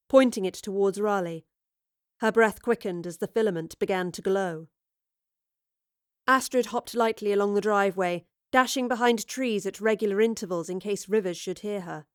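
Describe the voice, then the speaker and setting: A woman's voice: medium pitch, no room sound, studio quality. Woman narrating an audio serial. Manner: measured, vivid storytelling. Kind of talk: scripted narration of a serial story.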